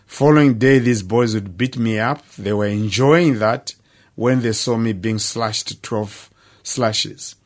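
An older man, giving an earnest personal testimony in plain, measured storytelling. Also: fairly low pitch. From Zimbabwe. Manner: earnest, plain-spoken storytelling with dramatic pauses. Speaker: speaker sharing his life story.

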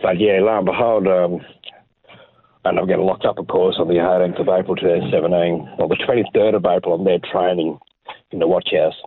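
A man's voice: low voice, fairly even intonation, a little fast, slight background noise. A man with an Australian accent telling his personal testimony in an interview, rambling through stories and acting out the dialogue. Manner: rambling storyteller, reenacts dialogue. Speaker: interview guest. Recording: tinny phone-like audio.

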